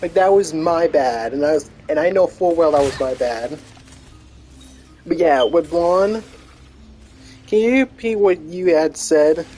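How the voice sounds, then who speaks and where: A man's voice: a little high, unhurried, pauses often, dark tone, slight background noise. A man streaming a video game, rambling in casual chat with many restarts and fillers.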